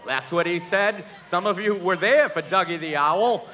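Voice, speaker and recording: A man performing a stand-up set on a theater stage, telling a story and doing loud, high impressions of the people in it. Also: expressive, normal speed, a little hiss or hum. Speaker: stand-up comedian. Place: theater stage with live audience.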